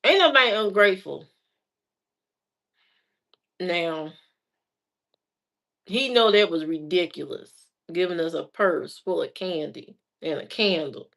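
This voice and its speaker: Chatty woman vlogger telling stories, voice jumps all over, laughs a lot. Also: fairly high pitch. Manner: animated, chatty, laughs often. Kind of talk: casual storytelling.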